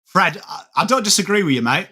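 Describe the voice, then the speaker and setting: A man's voice: high voice, fairly quick, breathy edge. Chatty man streaming footy commentary. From England. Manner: chatty, reads out viewer comments, rises excitedly on plays. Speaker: watchalong streamer. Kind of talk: live game commentary mixed with chat.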